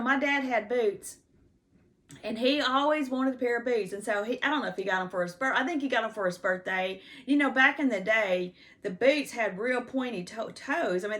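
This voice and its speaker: A woman in her fifties from Texas telling stories from her life in a casual, rambling way, full of "you know" and restarts, pausing to check her notes. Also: on the high side, fairly bright tone. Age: 50s. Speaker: personal storyteller. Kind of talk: casual life-story monologue.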